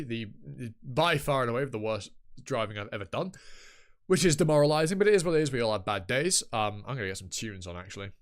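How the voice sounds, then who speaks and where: A young man chatting casually on a live stream, rambling and self-mocking and swearing freely, his microphone set off to one side. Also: medium pitch. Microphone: desk microphone, set off to one side.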